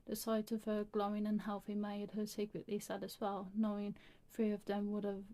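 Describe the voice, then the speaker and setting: A woman's voice: mid-range voice, monotone, moderate pace, mellow. A woman reading a creepy story aloud, stumbling and restarting often.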